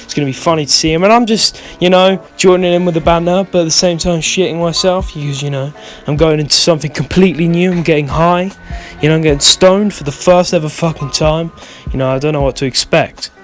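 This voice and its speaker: A man's voice: fairly high pitch, fairly even intonation, fast talker, faint music behind. A young man telling a rambling, swear-filled storytime in a vlog, often losing his thread. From United Kingdom. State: stoned. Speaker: vlogger.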